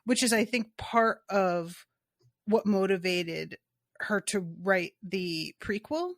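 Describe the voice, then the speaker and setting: A woman's voice: medium pitch, lively intonation, dry recording, clean studio sound. A woman co-hosting a book podcast, chatting casually and laughing at herself. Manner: chatty, self-deprecating, quick laughs. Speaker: podcast co-host.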